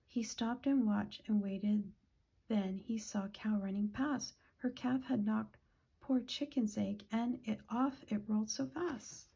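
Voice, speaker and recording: A woman reading a children's picture book aloud, gentle and often dropping to a whisper, with a husky voice. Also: medium pitch, slow. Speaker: children's storytime reader.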